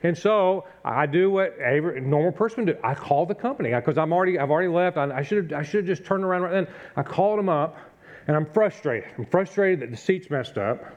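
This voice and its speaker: A man's voice: on the high side, animated, fairly quick, dull audio. A middle-aged male pastor preaching a conversational sermon, telling a self-deprecating story and acting out his own frustration.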